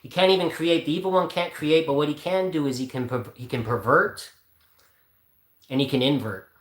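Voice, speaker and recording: A man's voice: a little high, moderate pace. A man hosting a casual spiritual talk who thinks aloud, rambles and corrects himself as he goes. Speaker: channel host. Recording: roomy echo.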